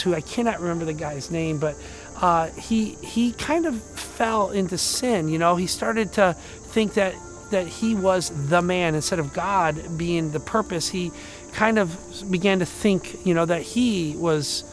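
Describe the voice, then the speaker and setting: Male pastor, higher-pitched voice, casual storytelling sermon, loud one moment and hushed the next. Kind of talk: conversational sermon.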